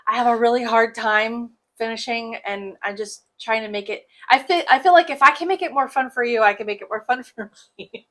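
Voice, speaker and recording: A woman's voice: fairly high pitch, brisk, a bit bright. A young woman hosting a casual cross-stitch show, chatting in a joking, sarcastic way and laughing often. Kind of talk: casual chat.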